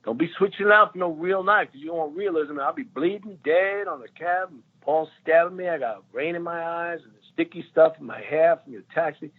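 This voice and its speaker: A man impersonating a jittery, wisecracking male movie star who talks fast and nervously. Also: a little high, voice pushed up, natural voice. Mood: nervous joking. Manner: rapid, nervous, joking. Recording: tinny phone line.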